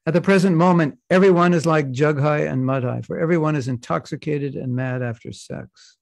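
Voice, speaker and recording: A man teaching a scripture class, reading passages slowly and adding joking asides in between. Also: fairly high pitch, gravelly, no echo. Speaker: spiritual teacher.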